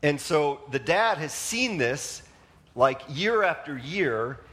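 A man's voice: a little high, sing-song, takes it slowly, fairly bright tone. A male pastor preaching a sermon in a conversational manner, asking the congregation questions and often using fillers like "like" and "you know.".

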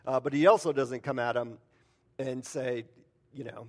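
A man preaching in a relaxed, conversational way, with many fillers and acted-out quotes. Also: medium pitch, moderate pace. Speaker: pastor. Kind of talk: sermon.

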